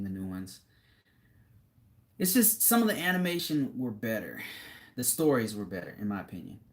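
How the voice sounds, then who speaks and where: A man's voice: lowish voice, a little hiss or hum. A young man streaming live, reading viewer comments aloud and chatting casually in a laid-back, rambling way with frequent laughs.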